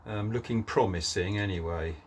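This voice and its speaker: A man's voice: lowish voice, moderate pace, slight background noise. A man talking casually through a guitar build in his workshop, rambling with lots of fillers. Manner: rambling, many fillers and "sort of thing".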